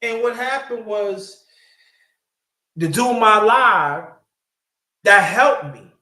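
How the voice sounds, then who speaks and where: A man with a fairly high voice tells a personal story on a podcast, getting animated and cursing freely as he goes. The sound is roomy, with a clear echo around him. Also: slow pace.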